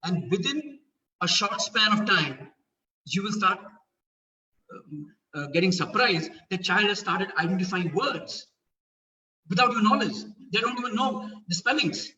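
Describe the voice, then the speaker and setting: A man's voice: sits high, lively intonation, a little slow, bright, forceful tone. A man with an Indian English accent giving an earnest talk to parents, explaining step by step and asking rhetorical questions. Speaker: parenting speaker. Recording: dull, roomy, from a distance.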